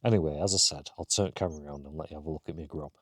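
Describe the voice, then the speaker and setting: A man's voice: extremely low pitch, rapid-fire, no echo, clean studio sound. A man, talking casually to camera while wild camping on a hill, chatty and rambling with lots of fillers. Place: outdoors on a hill, later inside a tent.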